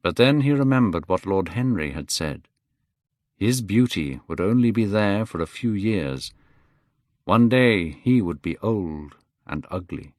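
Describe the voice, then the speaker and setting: Man narrating an audiobook for learners, very unhurried, animated delivery. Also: low-pitched, no echo, studio quality. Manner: slow, clear storytelling.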